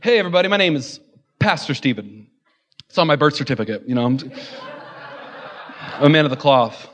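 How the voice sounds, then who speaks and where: A man's voice: a little high, lively intonation, brisk, a bit bright. A man preaching a sermon as a pastor in a church, mixing joking asides with impassioned, repeated refrains.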